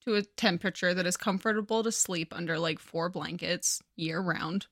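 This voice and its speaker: A woman co-hosting a podcast, recapping a book in casual, profane, animated chat. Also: on the low side, normal speed, dry recording, studio quality. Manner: chatty, profane, animated storyteller. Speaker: podcast co-host.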